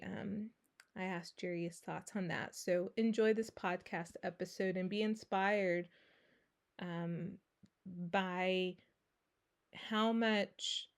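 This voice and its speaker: Slow, earnest woman podcast host. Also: medium pitch. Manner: unhurried, earnest, with pauses and filler sounds. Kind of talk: solo podcast introduction.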